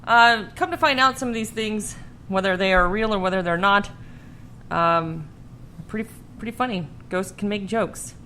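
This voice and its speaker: A woman hosts a podcast in casual chat, laughing a lot and swearing freely. Her mid-range voice is bright and forceful at a moderate pace, with a little hiss or hum on the recording.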